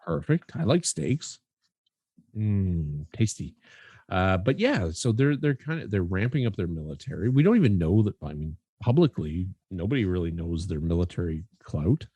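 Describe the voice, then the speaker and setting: Man, podcast co-host, low husky voice, lively rambling, joking, dry close sound. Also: normal speed, no echo. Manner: joking, rambling, swearing casually. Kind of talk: casual chat.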